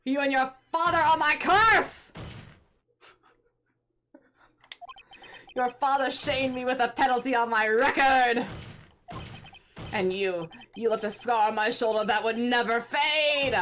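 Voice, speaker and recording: A woman's voice: high voice, a little slow. A haughty older prosecutor with a cold, sneering drawl, put on by a woman. He turns vicious and bellows when cornered, straight from a courtroom video game. Faint music plays underneath. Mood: furious. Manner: haughty, sneering, erupting into furious shouts. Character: arrogant older male chief-level prosecutor, vengeful.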